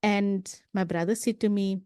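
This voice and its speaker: A woman's voice: medium pitch, fairly even intonation, moderate pace, darkish tone, smooth, no room sound, studio quality. A woman guest on a podcast, telling stories earnestly in a casual conversation, often adding "you know" and restarting her sentences.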